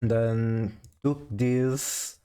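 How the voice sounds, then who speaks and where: A man's voice: medium pitch, fairly even intonation, very slow, warm tone, clean tone. A man streaming a card game, chatting casually with viewers, often stammering as he restarts sentences. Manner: chatty, stammers on restarts, reads chat aloud. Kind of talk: casual live-stream chat while playing a card game.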